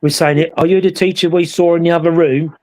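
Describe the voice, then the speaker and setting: A man with a fairly high speaking voice tells a spooky tale in a lively, chatty way. He slips into other voices as he retells what happened. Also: a little fast. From England. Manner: animated, acts out voices in his story. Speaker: paranormal investigator. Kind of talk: casual storytelling chat.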